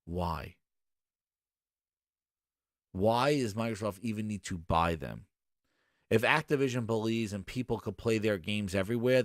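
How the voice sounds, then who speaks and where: A man's voice: fairly low pitch, dry recording, studio quality. A man hosting a gaming show, ranting with sarcasm and exasperation in casual commentary.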